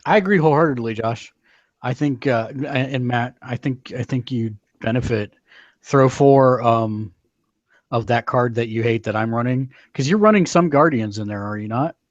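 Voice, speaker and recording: Man, mid-pitched voice, card game chat, reads viewer comments, dry dull lo-fi sound. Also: normal speed, dry recording. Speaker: card game player and co-host. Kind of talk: casual gameplay chat.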